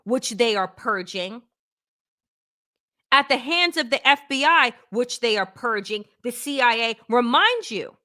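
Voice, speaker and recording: A woman hosts a political show, delivering opinionated commentary in a high, lively voice at an unhurried pace. She's emphatic, blunt and sarcastic, and swears freely.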